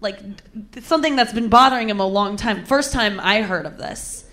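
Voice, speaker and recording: A woman's voice: mid-range voice, lively intonation, a little fast, sharp tone. Woman, young adult, comedic storyteller, candid, crude, self-mocking.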